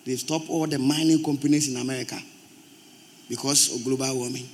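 A man with a Ghanaian accent preaching a sermon in church, forceful and emphatic, rising to loud outbursts. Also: mid-range voice, steady tone, fairly quick, slight background noise. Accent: Ghanaian English. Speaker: pastor.

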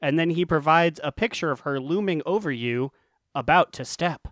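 A man co-hosting a casual gaming podcast, making jokey deadpan asides. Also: on the high side, moderate pace, dry recording, clean studio sound. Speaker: podcast co-host.

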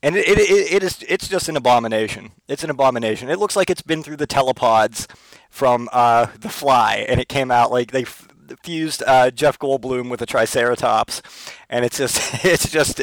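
A man's voice: mid-range voice, no echo. A man with a mid-range voice hosts his own podcast, wandering from one comic story to the next with plenty of swearing. The sound is dry and close, with no room around it. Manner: rambling, profane, comic storytelling. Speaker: podcast host. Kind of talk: casual solo podcast chat.

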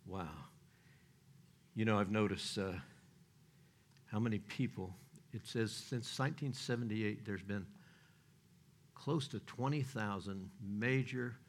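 An older man preaching in a rambling, folksy manner, breaking into chuckles and trailing off into restarts. His voice sits fairly low. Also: slow, long pauses. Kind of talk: sermon.

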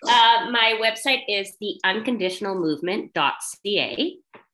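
A woman's voice: medium pitch, animated, measured pace, sharp tone, poor audio. A woman guest in a casual podcast interview, talking earnestly and telling a heartfelt story about her daughter.

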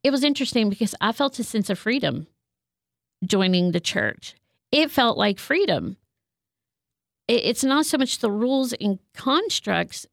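A woman's voice: on the high side, very animated, measured pace, vocal fry, no room sound, clean studio sound. A woman who works as a counselor, speaking in an earnest, heartfelt way about her faith. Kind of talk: reflective faith talk.

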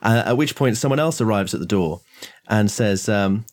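A man's voice: on the low side, lively intonation, normal speed. A man narrating a tabletop horror game as game master, with hesitations and fillers.

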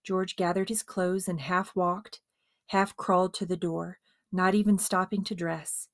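Woman reading a story out loud, expressive, dry close mic. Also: fairly low pitch, a little slow, no echo. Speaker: narrator. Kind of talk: dramatized audiobook narration.

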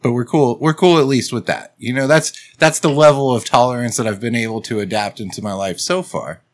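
A man's voice: mid-range voice, brisk. A man in casual chat, blunt and profane, cracking jokes.

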